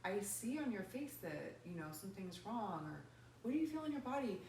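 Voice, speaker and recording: Lively low-voiced woman in an echoey room. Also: brisk. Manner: expressive, laughs often. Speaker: married guest. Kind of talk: casual interview conversation. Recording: roomy echo, distant mic, faint noise.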